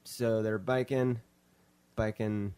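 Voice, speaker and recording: A man's voice: on the low side, steady tone, takes it slowly, a little mellow, clean tone. Male podcast host, casual film chat, rambling, jokey, restarts often.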